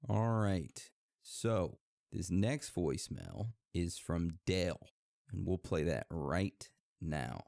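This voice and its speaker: A low-voiced man hosts a podcast in a relaxed, chatty way. His voice is gravelly and mellow, and it sits in a dry space. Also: takes it slowly, no room sound. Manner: relaxed, introduces segments. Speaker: podcast host. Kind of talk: casual podcast chat.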